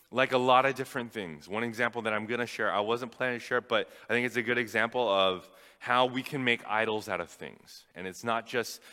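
A young man preaching a sermon, telling a personal story in an animated, fast-rising way when excited. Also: medium pitch, clean tone. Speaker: pastor. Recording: long hall reverb.

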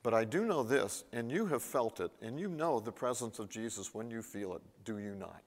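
A man preaching a sermon as pastor, animated and emphatic, his intensity rising and falling, with frequent restarts and repetitions. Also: mid-range voice, moderate pace. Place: church. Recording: long reverb of a church hall.

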